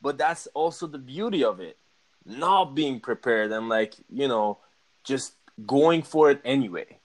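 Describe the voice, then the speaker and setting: A man, a musician being interviewed, telling a personal story in a casual, animated way and acting out his own reactions. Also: mid-range voice, measured pace. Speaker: guest, musician.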